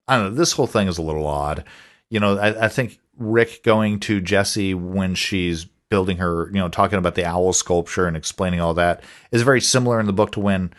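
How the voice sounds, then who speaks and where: A man's voice: low voice, a little fast. A man co-hosting a podcast in casual chat, rambling with frequent restarts and chuckles. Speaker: podcast co-host.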